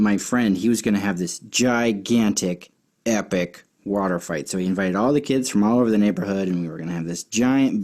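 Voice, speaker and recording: Male children's Bible teacher, mellow voice, chatty and rambling with fillers, casual storytelling delivery. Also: fairly low pitch. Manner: chatty, with many fillers and restarts.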